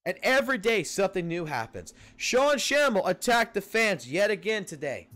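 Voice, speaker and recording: A man's voice: high voice, very animated, moderate pace, fairly bright tone. A man hosting a livestream, ranting heatedly and cursing often, repeating points for emphasis as he talks to viewers on a home mic. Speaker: livestream host. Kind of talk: livestream commentary rant.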